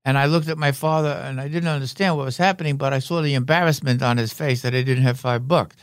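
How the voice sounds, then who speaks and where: A man's voice: medium pitch, fairly even intonation, fast talker, smooth, dry recording, studio quality. An older man, a veteran actor as interview guest, telling wry, rambling stories. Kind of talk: anecdotal interview talk.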